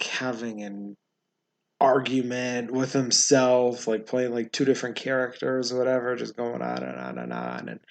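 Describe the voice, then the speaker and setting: A man hosting a casual movie review, talking in a halting, rambling way with many fillers and frequent chuckles. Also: mid-range voice. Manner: chuckles often while talking.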